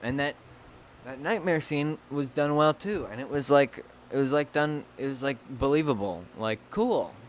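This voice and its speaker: A man's voice: medium pitch, normal speed, slight background noise. A man in a casual, comedic rant about a movie, rambling, restarting sentences and trailing off. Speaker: movie vlogger.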